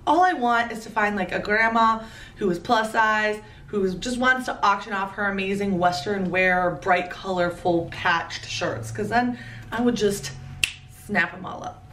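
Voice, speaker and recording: A woman in her thirties chats playfully through a clothing haul, tossing in quick asides. Her voice is at an ordinary pitch for a woman. She is recorded a little away from the mic in a room with a clear echo and a faint ambient hiss. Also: fairly bright tone, far from the mic. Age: 30s. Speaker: fashion vlogger. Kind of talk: casual haul commentary.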